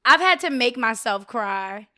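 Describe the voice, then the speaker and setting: A woman guest on a casual podcast, with a high voice that sits well above most women's. Her tone is bright, and she talks openly, swearing now and then. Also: lively intonation, unhurried. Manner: open and chatty, swears casually. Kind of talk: casual chat.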